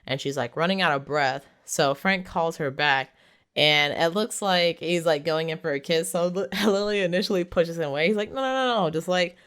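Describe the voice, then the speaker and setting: A woman's voice: low voice, fairly even intonation, normal speed, fairly bright tone, clean tone. A woman casually recapping a movie's plot, talking in a chatty way with lots of "like". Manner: chatty, heavy use of "like", laughs while retelling. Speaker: movie reviewer.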